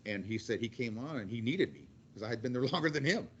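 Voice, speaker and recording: A man's voice: mid-range voice, animated, quick pace, fairly bright tone, dull audio, slight background noise. A man in his forties, a guest speaker and construction manager, telling rambling, blunt stories in a casual way with many restarts. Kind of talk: casual storytelling to a class.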